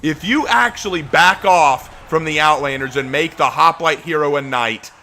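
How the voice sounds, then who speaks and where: Male streamer for a heated live-stream rant: sarcastic, exasperated, fairly high and sharp-edged. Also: moderate pace, slight background noise. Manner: exasperated, sarcastic, repeats points with rising heat. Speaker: game streamer.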